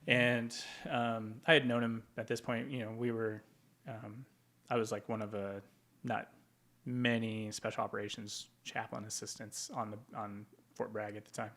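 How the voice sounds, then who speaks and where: In a lowish, fairly bright voice with little pitch movement and a moderate pace, a Tacoma, Washington, veteran tells casual stories as an interview guest. He rambles, dropping lots of ums and likes.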